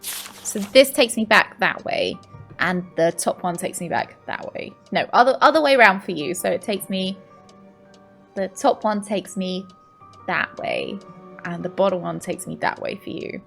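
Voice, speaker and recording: A woman's voice: medium pitch, a little slow, creaky, soft background music. A woman giving playful, joking commentary over a video game playthrough. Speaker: gaming YouTuber. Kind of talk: let's-play commentary.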